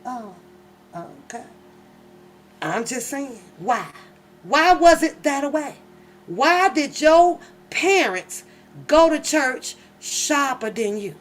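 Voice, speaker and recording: A woman hosting her channel, telling comic stories in a casual, animated and profane way, laughing often. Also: high-pitched, takes it slowly, long pauses. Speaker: channel host. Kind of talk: casual comedic storytelling.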